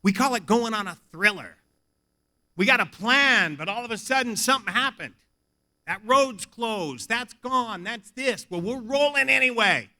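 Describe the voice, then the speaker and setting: A man giving a funny recovery talk at a convention, telling casual stories and acting out conversations. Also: high-pitched. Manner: animated, casual, swears, acts out dialogue. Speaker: AA convention speaker. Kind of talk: humorous recovery talk, storytelling. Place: hotel convention hall.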